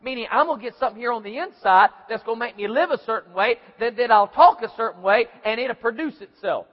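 A pastor speaks fast with an extremely high pitch during a folksy sermon, bringing small scenes to life with different voices. It was recorded in an echoey hall, and the audio is dull and lo-fi.

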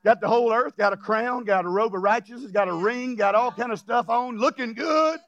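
High-voiced, gravelly preacher man. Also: a little fast, lo-fi sound. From Louisiana. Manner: emphatic preaching, bursts of shouting, jokey asides and chuckles. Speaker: pastor. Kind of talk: sermon.

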